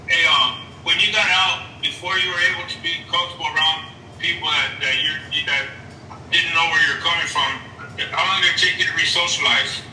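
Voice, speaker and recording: Fast-talking man heard from far off. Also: a little high, fairly even intonation, sharp tone, a little hiss or hum. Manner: fast-talking, direct, questioning. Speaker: peer facilitator. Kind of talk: casual chat. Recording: distant, echoey mic with faint music.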